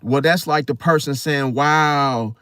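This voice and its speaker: A man's voice: a little high, expressive, a little slow, no room sound. A male channel host giving an emphatic casual monologue, repeating phrases and asking "See?".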